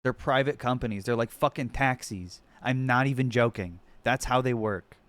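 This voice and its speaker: Sarcastic, profane young streamer. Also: male voice, mid-range voice, normal speed, a bit bright, dry recording. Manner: profane, sarcastic, talks to chat. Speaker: streamer reacting to videos. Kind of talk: casual live-stream commentary.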